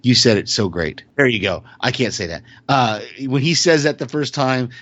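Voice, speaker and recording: A man hosts a casual chat, circling back and restarting sentences as he retells scenes with lively asides. His voice sits at an ordinary pitch. The audio is dull and lo-fi, with a dry, close sound. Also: normal speed, no echo. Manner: rambling, self-correcting, animated storytelling.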